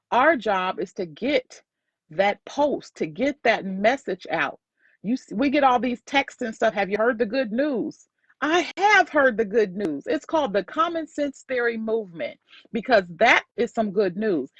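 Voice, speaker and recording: A woman's voice: medium pitch, husky, dry recording, muffled recording. A woman host and sales coach giving an emphatic, preachy motivational faith talk that repeats lines for effect.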